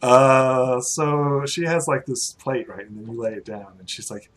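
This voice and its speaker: Slow-paced male game master who laughs a lot and talks with many fillers. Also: medium pitch, fairly even intonation, a bit bright. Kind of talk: narrating a tabletop game.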